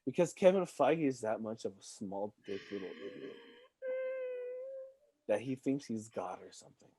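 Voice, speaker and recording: A man on a podcast, ranting heatedly and swearing, with shouted outbursts. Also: lowish voice, sing-song, normal speed, breathy edge, dry recording. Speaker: podcast guest. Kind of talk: casual ranting chat.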